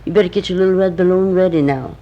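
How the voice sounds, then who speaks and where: A woman's voice: lowish voice, fast, muffled recording, lightly acted. An older woman voicing a kindly, fatherly old man in the moon in a storybook tale, patient and reassuring.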